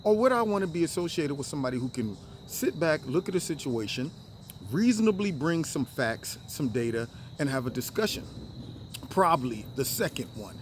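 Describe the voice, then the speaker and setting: A man with a fairly high, lively voice delivers solo commentary, swinging up and down as he makes his case. Faint insect chirps sit behind him outdoors. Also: moderate pace, a little hiss or hum. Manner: animated, mimics others in high voices. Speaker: political commentary host.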